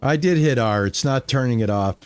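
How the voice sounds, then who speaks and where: A streamer, male, chats casually with his live chat while playing a farming game, rambling in a laid-back, easygoing way. His medium-pitched voice is smooth with a darkish tone and a slightly fast pace. The recording is dry, with soft music in the background.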